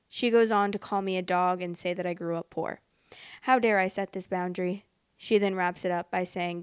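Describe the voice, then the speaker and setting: A young woman hosting a storytime podcast, reading posts aloud and reacting bluntly in a casual, expressive way. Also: medium pitch, clear, resonant tone, no room sound, studio quality. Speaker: podcast host reading stories.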